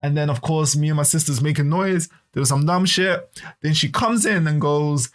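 Podcast host guy, talky and animated, kinda higher voice for a man. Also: brisk. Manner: animated, repeats words. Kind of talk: casual podcast talk.

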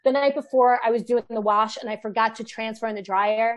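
Chatty young mom, animated storyteller. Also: female voice, a little high, a little fast, crowd noise. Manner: animated storyteller, lots of "like" fillers. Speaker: guest, children's book author. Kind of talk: casual podcast chat.

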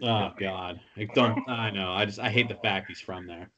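A man's voice: on the low side, steady tone, moderate pace, sharp tone, lo-fi sound. A man co-hosting a sports talk show, casual and profane, telling a story.

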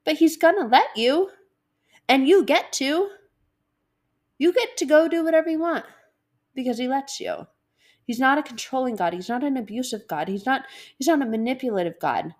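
Woman, casual devotional talk, animated, laughs a lot, plays out little voices. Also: sits high, moderate pace, pauses often. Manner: animated, acts out inner voices and laughs often.

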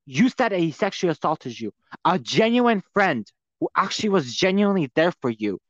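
A man's voice: high voice, very animated, brisk, no echo, lo-fi sound. A man co-hosting a casual commentary chat, ranting with lots of profanity and rising anger.

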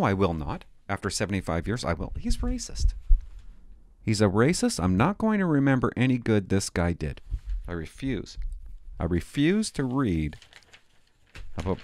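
A man's voice: lowish voice, no echo. Sarcastic mock-outraged middle-aged man. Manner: sarcastic, mock-outraged, swings between loud outbursts and muttered asides. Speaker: stand-up comedian. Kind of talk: stand-up comedy with ironic reading.

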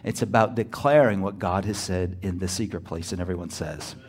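A male pastor preaching a sermon, emphatic and often rising to near-shouted exclamations, calling out to the congregation for a response. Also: low voice, brisk, husky.

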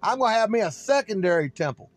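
Man, high pitch, confrontational rambling preacher, faint music underneath. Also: lively intonation, fast talker. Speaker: self-styled preacher. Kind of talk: ranting sermon monologue.

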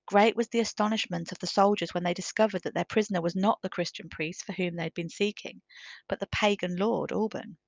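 Woman narrator, storybook reading, gravelly low voice, dry close sound. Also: fairly even intonation, dry recording. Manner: measured, careful reading.

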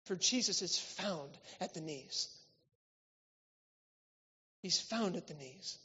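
A man preaching a church sermon, swinging between loud, emphatic lines and quiet, intimate ones. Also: high-pitched, lively intonation, slow, husky. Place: church hall. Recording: reverberant hall, slightly dull sound.

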